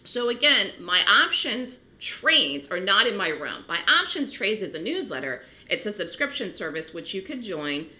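A middle-aged woman, a trading educator, giving a direct-to-camera market talk in an emphatic, animated way. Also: normal speed, few pauses, poor audio. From New York City. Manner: animated, emphatic, rising pitch on key points.

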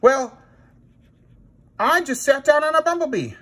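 A man voicing a silly little princess girl in a squealing falsetto, for a children's puppet skit. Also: lively intonation, unhurried, sharp tone, exaggerated voice. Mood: whiny.

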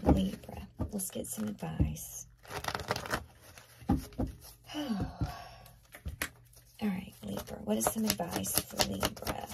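A woman giving a tarot card reading to viewers, talking earnestly and conversationally, often dropping into soft half-whispers. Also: medium pitch, vocal fry, very noisy. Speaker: tarot reader.

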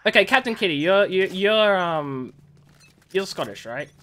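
An Australian streamer chatting casually while gaming, animated and avoiding swear words. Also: mid-range voice, a little slow. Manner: animated, swaps swears for "fudge".

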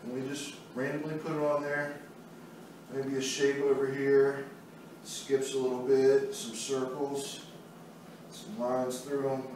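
A man's voice: mid-range voice, monotone, takes it slowly, a little mellow, a little hiss or hum. Guy showing how to paint, talks easy while he works, super echoey room, mic far away. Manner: easygoing, talks while working. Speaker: art instructor. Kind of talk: step-by-step painting demonstration.

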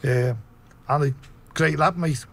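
A man with a Liverpool accent telling profane, animated stories in a casual interview. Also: fairly high pitch, slow, vocal fry, noisy background. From Liverpool, England. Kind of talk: casual storytelling.

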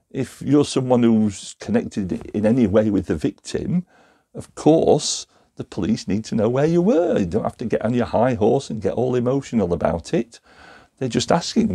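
A man's voice: mid-range voice, sing-song, a little slow, vocal fry, mellow, husky. A man preaching a Methodist sermon, thinking aloud in a reflective way with small restarts. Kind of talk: recorded sermon.

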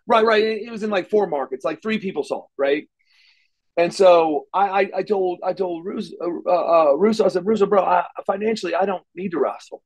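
A man's voice: high voice, a little fast, rough recording. A middle-aged man, an interview guest, telling stories casually and animatedly, acting out the dialogue with frequent restarts. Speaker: interview guest, former wrestler.

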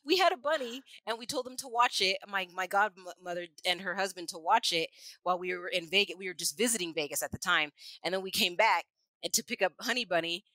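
A woman co-hosting a casual chat, telling lively family stories and laughing often. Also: mid-range voice, brisk, dry recording, rough recording. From New Mexico. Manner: animated storyteller, laughs often, acts out quoted voices. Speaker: podcast co-host.

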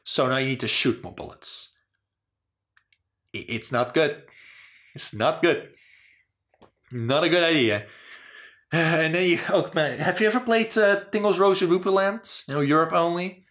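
A man's voice: on the high side, a little slow, long pauses, a bit bright. A man hosting a casual talk about game design, rambling with lots of "you know" and "like". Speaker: channel host.

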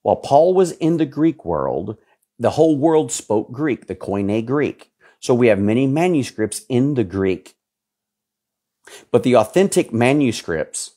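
Delivering a sermon, a preacher in his fifties sounds a little mellow, yet he is emphatic and repetitive, his pitch leaping abruptly whenever he drives a point home.

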